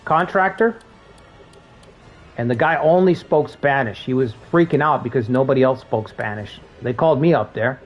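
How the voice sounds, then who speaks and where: A man's voice: mid-range voice, moderate pace, highs cut off, faint music behind. A man chatting casually while streaming a game, telling work stories, laughing and swearing freely. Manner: laid-back, swears freely, laughs at jokes. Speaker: gaming streamer. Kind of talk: casual gameplay commentary with storytelling.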